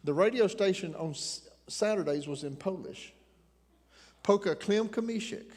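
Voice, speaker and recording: A man's voice: high-pitched, expressive, normal speed, a little mellow. A man in his sixties with an Appalachian accent, preaching a folksy sermon full of jokes and rambling asides. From Tennessee mountains, Appalachia. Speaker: pastor. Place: church sanctuary. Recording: long reverb of a church hall.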